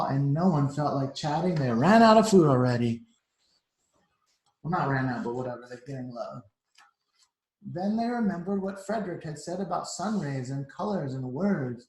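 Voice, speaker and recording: Man reading a storybook to kids. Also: fairly high pitch. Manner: chatty asides explaining words simply. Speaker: teacher. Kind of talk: storybook read-aloud to children. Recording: roomy echo.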